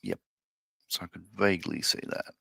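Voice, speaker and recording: Sex: man. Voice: gravelly and bright. Style: laid-back live-stream chat. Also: sits low, moderate pace, no room sound. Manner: relaxed, thinks aloud, reads viewer comments out. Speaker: co-host of a live scale-modelling stream. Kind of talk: casual live-stream chat while building.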